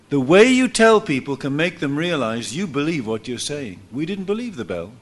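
A man preaching a sermon in church, telling a story lively and acting out what people said. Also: fairly high pitch, normal speed, hardly any pauses. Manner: animated storytelling, acts out quotes with laughs.

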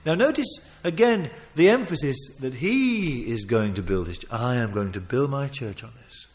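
A man preaching a sermon, emphatic, with sudden loud swells, quiet asides and chuckles as he tells stories. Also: medium pitch, expressive, moderate pace. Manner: chuckles while telling stories.

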